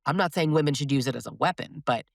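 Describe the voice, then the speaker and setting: A woman hosting a podcast, talking in an animated, emphatic, conversational way. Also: low voice, fast talker, creaky, dry recording, studio quality. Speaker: podcast host.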